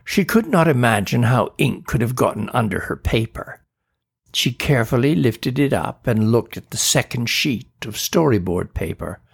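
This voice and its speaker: A man reading a children's storybook aloud in a slow, steady manner. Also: medium pitch, vocal fry, husky. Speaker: narrator.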